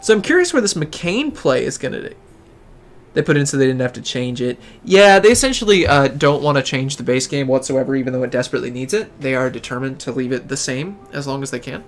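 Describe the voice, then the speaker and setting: Medium in pitch and expressive, this man's voice comes with slight background noise. He's a Southern-accented game streamer from Tennessee hosting a casual live stream, chatty and rambling, quick with jokes for his co-players.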